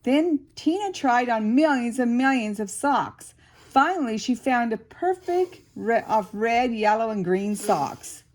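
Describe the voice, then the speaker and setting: An older woman reading a picture book aloud to a child, expressive and slow, with chatty asides. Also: fairly high pitch. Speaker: storyteller grandmother.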